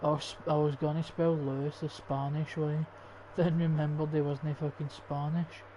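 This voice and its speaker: Young Scottish man, mellow flat voice. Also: a little high, moderate pace, a little hiss or hum, poor audio. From Scotland. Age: young adult. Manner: swears casually, thinks aloud. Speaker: gaming YouTuber. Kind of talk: casual gameplay commentary.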